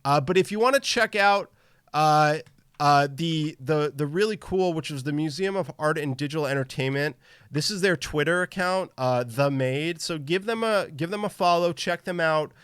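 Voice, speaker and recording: A man's voice: on the high side, normal speed, fairly bright tone, clean tone, no room sound, studio quality. A man hosting a live gaming podcast in casual chat, upbeat and tired from travel, greeting viewers by name. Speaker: podcast host.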